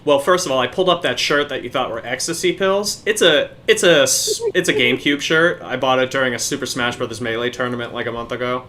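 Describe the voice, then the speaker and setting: A man's voice: mid-range voice, fast talker, hardly any pauses, sharp tone. A young man, a podcast co-host, telling a profane story in casual chat.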